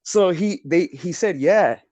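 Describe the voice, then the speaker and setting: A man's voice: high voice, takes it slowly, a crowd in the background. A man, co-hosting a podcast and telling a story in a rambling way, repeating words and swearing a lot. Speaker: podcast co-host. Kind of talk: casual storytelling chat.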